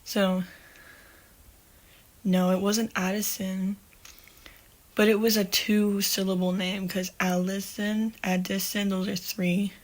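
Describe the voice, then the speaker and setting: A woman's voice: medium pitch, little pitch movement, slow, pauses often. Woman podcast host, casual storyteller, profane and rambling, mid-range voice. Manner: rambling, self-correcting, swears freely.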